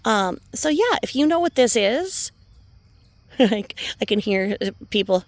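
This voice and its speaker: A woman's voice: on the high side, very animated, takes it slowly, no room sound. A woman vlogging outdoors by a remote river, chatty and rambling with many fillers and asides, filmed on a handheld phone. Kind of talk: casual rambling vlog narration.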